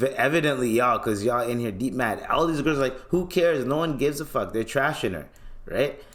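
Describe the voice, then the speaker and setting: A man's voice: mid-range voice, a bit bright. A man with a Toronto accent hosting a podcast, ranting bluntly and profanely while reacting to social media posts. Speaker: podcast host. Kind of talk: casual ranting commentary.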